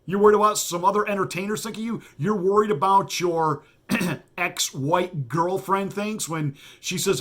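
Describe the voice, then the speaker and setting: A man hosting his own commentary show, talking in a combative, mocking monologue. His voice sits a little high and sounds hard and forceful. He hammers each point with emphasis. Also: normal speed. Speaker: pastor and show host.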